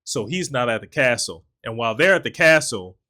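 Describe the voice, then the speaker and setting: A man's voice: medium pitch, lively intonation, a little fast, bright, forceful tone. A man co-hosting a casual film review chat, retelling the plot with energy, acting out character lines and laughing often.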